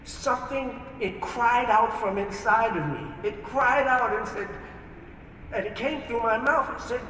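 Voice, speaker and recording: A man's voice: very high voice, measured pace, fairly bright tone, slight background noise. A man, from New York, earnestly telling his life story as a testimony and acting out his own past words. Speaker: speaker giving a testimony. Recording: echoey hall, distant mic, archive.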